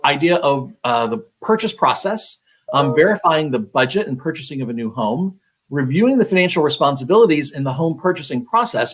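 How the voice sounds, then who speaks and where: Husky-voiced man giving chatty advice. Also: on the high side. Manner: conversational, many fillers and restarts. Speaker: real estate agent. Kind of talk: live-streamed advice talk.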